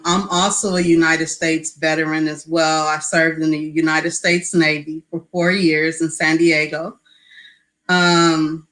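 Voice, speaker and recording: A woman in her forties from Los Angeles, a guest artist answering interview questions over a video call in an unhurried, soft-spoken way. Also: deep voice, rough recording. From Los Angeles, California.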